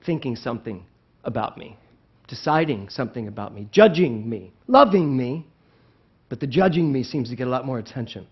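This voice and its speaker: Animated male minister preaching. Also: a little high, muffled recording. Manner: animated preaching, swinging between loud and hushed; asks the congregation questions. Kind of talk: sermon. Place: church sanctuary.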